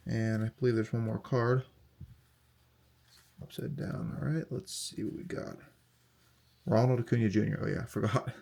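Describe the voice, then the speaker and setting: A young man casually talking through a card unboxing, reading off player names in a steady, relaxed list. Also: medium pitch, creaky. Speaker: card collector unboxing host.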